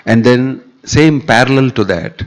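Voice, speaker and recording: A man's voice: mid-range voice, unhurried. A man giving a scripture discourse, telling the story animatedly and acting out the dialogue. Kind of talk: sermon. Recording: dull, echoey hall recording.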